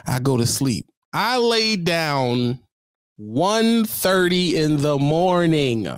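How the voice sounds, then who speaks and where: A middle-aged man spins a comic trucker tale with a voice that leaps up and down as he goes. He sits a little high in pitch and talks in loose slang, talking straight to the viewer. The sound is dry, with no room echo. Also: big pitch swings, slow pace. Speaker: truck driver telling a story. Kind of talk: comic storytime vlog.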